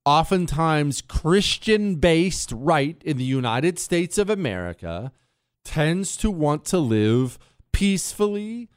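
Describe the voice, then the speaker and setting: A man giving a political commentary monologue in an animated way, acting out little scenes as he goes. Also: takes it slowly, clear, resonant tone, no room sound, studio quality. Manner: animated, swings pitch for emphasis, acts out little scenes.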